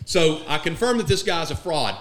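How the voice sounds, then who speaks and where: A man casually telling a profane story with friends, acting out the quotes in an animated way. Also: a little high, moderate pace, slight background noise.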